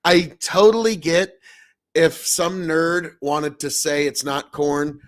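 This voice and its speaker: A man's voice: on the high side, steady tone, slow pace. A man from Nebraska with a rural American accent, hosting a casual live stream and talking bluntly with a lot of swearing. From Nebraska, USA. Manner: blunt, swears often, bursts into loud outrage. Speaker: livestream host.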